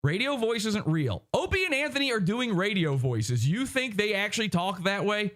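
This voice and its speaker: A man hosting a podcast livestream, sitting a little high in pitch for a man. He rants with wide swings up and down, mocking as he goes. He keeps dropping into quick impressions. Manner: animated, mocking, slips into impressions. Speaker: podcast host. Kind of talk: ranting livestream commentary.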